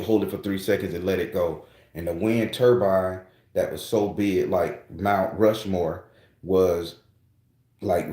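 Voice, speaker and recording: A man hosts his own spiritual channel, chatting loosely and casually with viewers, often restarting his rambling thoughts and swearing a lot. His voice is low and warm, with a roomy sound.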